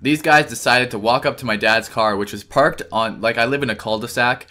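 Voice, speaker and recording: A man's voice: mid-range voice, a little fast, sharp tone. A young man from Canada doing casual gameplay commentary, rambling through a story and correcting himself as he goes. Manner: rambling, chatty, self-correcting.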